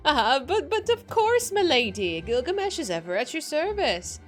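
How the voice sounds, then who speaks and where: A woman's voice: high voice, very animated, moderate pace, faint music behind, pitched above the performer's own voice. A woman playing a pompous swaggering warrior man. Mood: grandiose. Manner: grandiose, theatrical delivery.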